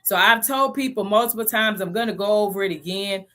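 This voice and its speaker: A woman in her thirties hosting a casual live stream about investing, chatty and animated, laughing often. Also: mid-range voice, fairly quick.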